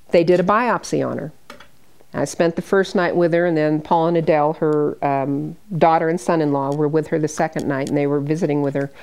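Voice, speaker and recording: An older American woman, a hospice nurse, telling stories from her work to a small group and acting out the people she quotes. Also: deep voice. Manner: warm anecdotal storytelling with quoted dialogue. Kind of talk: storytelling presentation.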